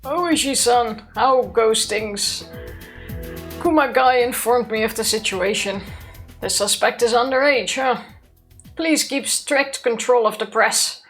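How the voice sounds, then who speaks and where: A woman voicing a stiff elderly male police section chief in a let's play reading, with a slow, strained delivery. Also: fairly high pitch, soft background music, voice pushed up. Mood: formal.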